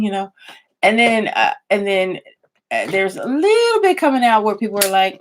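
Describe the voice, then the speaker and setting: A woman's voice: mid-range voice, very animated, fast talker. A woman vlogger chatting casually at her computer, rambling and restarting her sentences as she thinks aloud. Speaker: YouTuber. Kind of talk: casual vlog chat.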